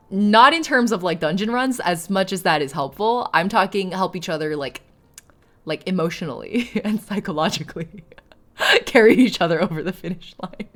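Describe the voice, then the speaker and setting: Woman streaming, chatty and self-mocking, voice jumping all over the place, mid pitch. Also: expressive, moderate pace, fairly bright tone. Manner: rambling, self-mocking, laughs often. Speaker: live streamer. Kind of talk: casual live-stream chat.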